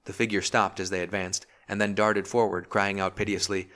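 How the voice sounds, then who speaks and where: A man narrating a historical novel as an audiobook in a steady, measured reading. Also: deep voice. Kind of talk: scripted narration.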